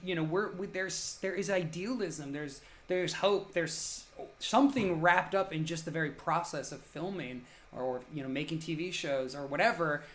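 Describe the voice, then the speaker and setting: A man's voice: on the high side, normal speed, hardly any pauses, a bit bright. A middle-aged man, an actor, talking in casual chat and often restarting his sentences. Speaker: podcast co-host and actor.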